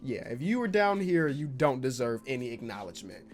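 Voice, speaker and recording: Male YouTuber doing gaming commentary, excitable, with sudden loud shouts, medium pitch, faint music underneath. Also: brisk. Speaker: basketball YouTuber.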